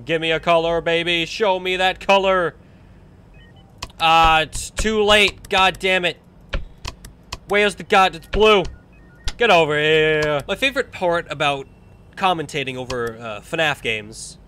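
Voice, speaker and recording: A young man giving casual let's-play commentary, chatting to the game characters and breaking into excited shouts. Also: on the high side, slight background noise. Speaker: gameplay commentator.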